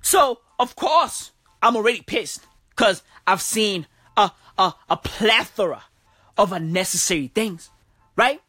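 A woman delivering a crude, profane comedic rant, repeating herself and bursting into loud, exasperated shouts. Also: mid-range voice, lively intonation, a little slow, breathy edge, no echo, studio quality, soft background music. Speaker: comedic ranter.

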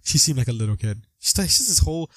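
A young man chatting casually about a film on a podcast, animated, acting out quotes from scenes. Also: medium pitch, over a noisy crowd. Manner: animated, acts out lines with quick voice jumps. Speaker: podcast co-host. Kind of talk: casual movie discussion.

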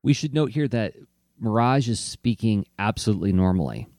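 Animated, laughing male podcast co-host. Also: on the low side, normal speed, no echo, studio quality. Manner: animated, does silly voices, laughs often. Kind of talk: casual chat.

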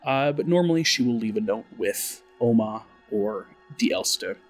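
A man narrating as game master of a tabletop role-play, relaxed and full of fillers. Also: lowish voice, moderate pace, soft background music. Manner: relaxed, with many fillers and restarts.

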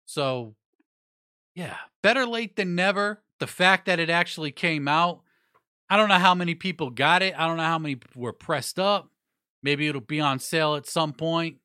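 Casting note: male vlogger, fairly high bright voice, blunt and profane, rambling delivery. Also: normal speed, smooth, no room sound, clean studio sound. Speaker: music news vlogger. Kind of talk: casual opinionated review.

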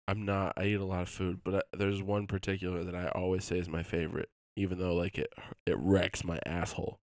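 A man's voice: low voice, little pitch movement, fairly quick, dry recording, clean studio sound. A man co-hosting a casual comedy podcast, quizzing his friend with playful questions and laughing often. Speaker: podcast co-host asking quiz questions.

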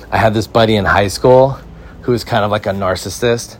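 Young male host from California with a fairly low voice, spinning loose comic tangents full of slang. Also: moderate pace, slight background noise. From California, United States. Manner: rambling, swears casually, slangy. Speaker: podcast host. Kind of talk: casual comic storytelling.

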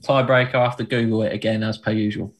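A young man co-hosting a podcast, running a quiz game with giggly, playful banter and sudden rushed asides. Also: level tone. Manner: giggly and playful, with big pitch leaps and quick rushed asides.

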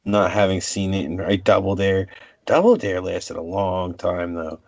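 A man in his forties co-hosting a casual chat, rambling and halting with many fillers, in a dull, muffled recording. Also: sits low, gravelly, a little mellow, no room sound.

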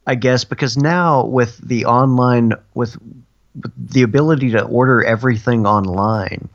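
A man's voice: medium pitch, normal speed, gravelly, no room sound. A man in casual chat, laid-back and saying "like" a lot. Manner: laid-back, laughs along, lots of "like". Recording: dull lo-fi sound.

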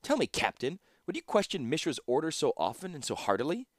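A man reading aloud, voicing a cunning, sharp-tongued woman commander with a silky, cutting delivery, his voice raised above his narrating pitch. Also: wildly swooping pitch, fairly quick, no echo, studio quality. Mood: snapping.

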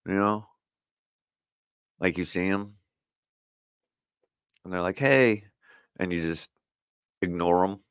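Rambling middle-aged man, low voice. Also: flat delivery, slow pace, long pauses, clean tone, dry recording. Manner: rambling, loose, heavy on "you know" and "like". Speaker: podcast host. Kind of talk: casual solo podcast chat. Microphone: camera setup for video recording.

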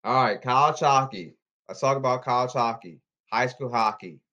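A man podcasting alone in a repetitive, halting, pleading monologue. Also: mid-range voice, pushed and bright. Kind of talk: rambling solo monologue. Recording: slightly dull lo-fi audio.

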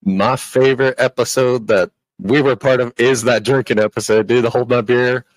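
A man's voice: mid-range voice, fairly even intonation, normal speed, no room sound, rough recording. A man co-hosting a podcast, talking in a laid-back casual way, full of "dude" and "bro". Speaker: podcast co-host. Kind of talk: casual chat.

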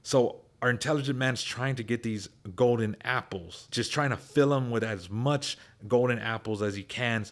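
Male host, slightly low pitch, relaxed rambling story recap. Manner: loose, rambling, repeats words while thinking. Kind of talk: casual story retelling.

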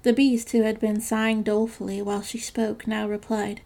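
A woman narrating a classic fairytale in a measured storybook reading. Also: medium pitch, level tone, dark tone.

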